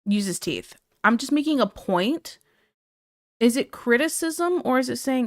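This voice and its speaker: Woman streamer, slightly high pitch, candid and blunt, frequent laughter, dry room. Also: animated, unhurried, no room sound. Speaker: live streamer. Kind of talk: casual chat reacting to viewer comments.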